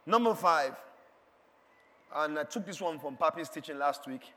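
Emphatic preacher in a reverberant hall. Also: male voice, a little high, expressive, moderate pace, a little hiss or hum. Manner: emphatic, repeats lines and shouts them. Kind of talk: sermon. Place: large church hall.

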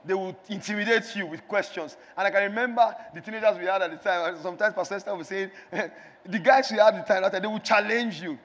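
Man, preaching a sermon, high voice, long reverb of a large church hall. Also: fast. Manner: call-and-response exhortation, rising to shouts.

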